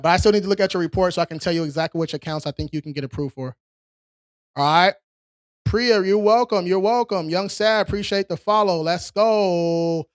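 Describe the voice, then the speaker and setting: Man, somewhat high voice, smooth crisp tone, dry close sound, casual livestream host answering chat. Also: dry recording. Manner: casual, streetwise, reads chat questions aloud and answers directly. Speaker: credit repair livestream host. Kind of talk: casual live-stream Q&A.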